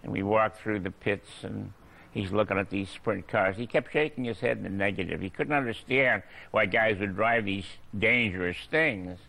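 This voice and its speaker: Older man with a gravelly bright voice. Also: on the low side, normal speed. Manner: anecdotal, chuckling, hesitant with fillers. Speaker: racing journalist guest. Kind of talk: storytelling in a TV interview.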